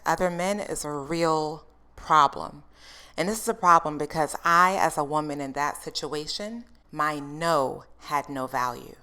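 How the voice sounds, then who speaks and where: A woman telling a personal story on her vlog, emphatic and talking straight to viewers. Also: sits low. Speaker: vlogger. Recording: roomy, distant mic with steady background noise.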